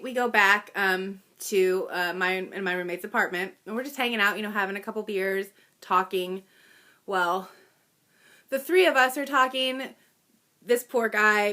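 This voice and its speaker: A woman's voice: medium pitch, pushed and bright. A woman in her thirties telling a personal story in a chatty, self-deprecating way, with little laughs and fillers. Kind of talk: personal story told casually.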